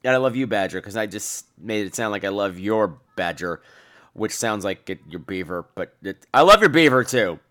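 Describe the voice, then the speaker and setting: A man hosting a podcast, telling a funny, profane story in an animated way. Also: lowish voice, normal speed. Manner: animated, profane, jumps between voices. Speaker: podcast host. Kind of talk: comic storytelling.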